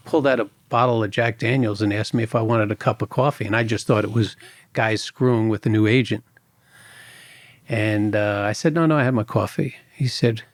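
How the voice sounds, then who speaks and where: A man, a former agent telling lively stories in a podcast interview and acting out other people's voices. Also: medium pitch, no echo, studio quality. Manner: animated anecdotes, acts out other people's voices. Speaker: former FBI agent guest.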